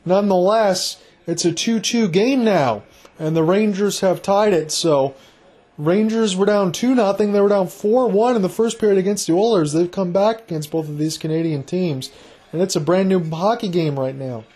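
A man doing solo play-by-play hockey commentary for an online broadcast, a rapid running call that jumps up on big plays. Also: high-pitched, warm tone, breathy edge.

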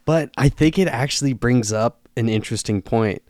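A man co-hosting a podcast, relaxed and agreeable, swearing casually while chatting about a movie. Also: medium pitch, normal speed, no room sound, studio quality. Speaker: podcast co-host.

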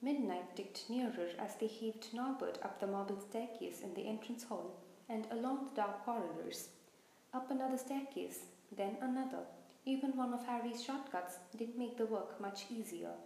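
Expressive woman reading a story aloud. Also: fairly high pitch, moderate pace, creaky, slight background noise. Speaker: reader. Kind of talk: reading a children's novel aloud. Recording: roomy echo.

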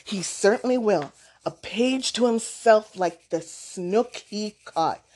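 Woman reading as a steady old grandfather. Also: medium pitch. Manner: measured, unhurried, gently instructive. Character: patient, steady elderly grandfather. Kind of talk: storybook read-aloud.

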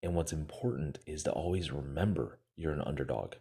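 Guy with a super low voice, kinda husky, chatty motivational storytelling, lots of um and you know. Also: dark tone. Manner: retells a story with quick acted-out quotes, many fillers.

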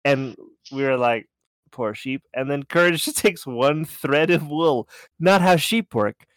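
Clear-voiced man recapping a cartoon. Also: a little high, measured pace, dry recording, studio quality. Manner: animated, swearing, laughing storyteller. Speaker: podcast co-host. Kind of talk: casual recap chat.

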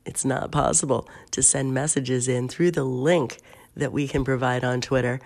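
A woman's voice: a bass voice, steady tone, moderate pace, gravelly. A woman hosting her own podcast, speaking in a chatty, affectionate monologue while she is sick. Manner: warm-hearted, chatty, laughs easily. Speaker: podcast host.

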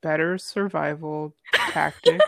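A woman's voice: low-pitched, fairly even intonation, takes it slowly, gravelly, sharp tone, no room sound, clean studio sound. A young woman chatting casually in an easygoing, teasing way. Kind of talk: casual chat.

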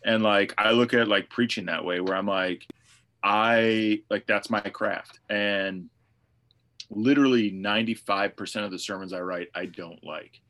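A man's voice: on the low side, fairly even intonation, unhurried, fairly bright tone. A man who is a pastor, co-hosting a casual podcast and thinking aloud in a reflective way, with many fillers.

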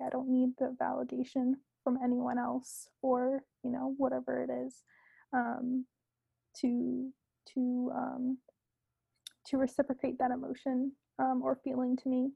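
A young woman, a podcast guest, talking casually and earnestly about herself, with many fillers and soft asides. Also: high voice, gravelly, husky, no room sound, phone-quality sound.

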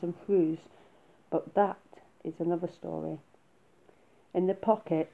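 A woman reading a children's story aloud in a soft, unhurried way. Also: lowish voice. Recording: phone-like narrow sound.

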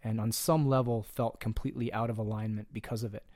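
A man's voice: on the low side, steady tone, quick pace, a little mellow, no room sound, studio quality. A man speaking as a coach in a casual podcast conversation, earnest and direct, plain-spoken with the odd curse word.

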